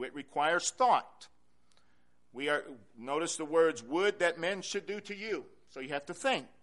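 Emphatic male pastor preaching. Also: medium pitch. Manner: emphatic preaching, swinging from soft to loud, repeats key phrases. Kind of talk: sermon. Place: church.

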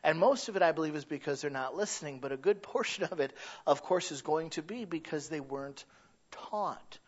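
A man's voice: a little high, expressive, brisk. A middle-aged man preaching a sermon in an earnest, conversational way, often restarting his sentences. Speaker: pastor. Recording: dull lo-fi recording.

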